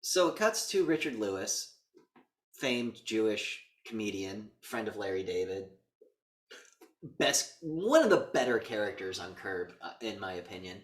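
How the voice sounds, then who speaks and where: A man co-hosting a podcast walks through a movie's plot in loose casual chat, jumping into quick impressions of the characters. His pitch swings widely as he talks. The sound is roomy, and the mic sits a little away from him. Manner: animated retelling with quick voice impressions. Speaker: podcast co-host. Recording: roomy echo, mic a bit distant.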